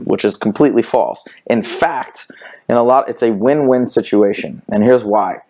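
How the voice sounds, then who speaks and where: A man hosting a dating podcast, talking in an energetic, emphatic way and punctuating his points with sharp interjections. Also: lowish voice, normal speed. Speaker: podcast host. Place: Los Angeles studio.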